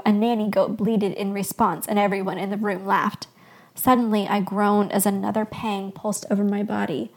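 Woman softly reading a story aloud. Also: mid-range voice, flat delivery, normal speed. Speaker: podcast host.

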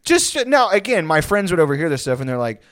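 A man's voice: fairly high pitch, sing-song, fast, a bit bright, no echo. Rambling young man, dry sound. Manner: rambling with many "like" fillers, laughing. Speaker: podcast co-host. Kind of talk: casual chat.

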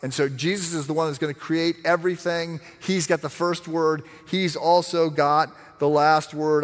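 A man preaching a sermon, teaching in an animated, emphatic way with frequent restarts. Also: a little high, a little slow. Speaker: pastor. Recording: long hall reverb.

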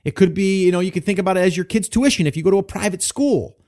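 Man, somewhat high voice, casual podcast host, encouraging, loose and chatty, thinks aloud. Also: fast, a little mellow. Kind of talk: solo podcast talk, reading a listener post.

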